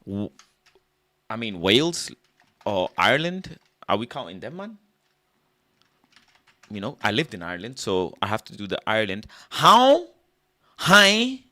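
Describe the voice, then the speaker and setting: Animated man musing aloud. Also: mid-range voice, no echo. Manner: animated, musing aloud, loud shouted bursts. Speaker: livestream host. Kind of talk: casual livestream chat.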